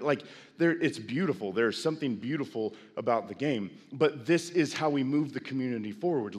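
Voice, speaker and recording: A man's voice: mid-range voice, husky. A middle-aged pastor preaching on a stage microphone in a large sanctuary, his mid-range voice trailing a long reverb off the walls. He drifts between folksy, self-deprecating asides and rising, impassioned calls. The hall gives every line a big churchy echo. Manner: builds to loud impassioned preaching. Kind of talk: sermon.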